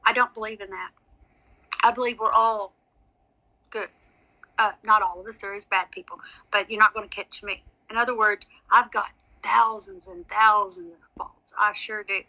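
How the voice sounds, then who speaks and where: A woman's voice: mid-range voice, steady tone, normal speed, sharp tone, low-quality recording. A woman, chatting casually with her livestream viewers as a psychic medium, rambling on and calling them honey and sweetie.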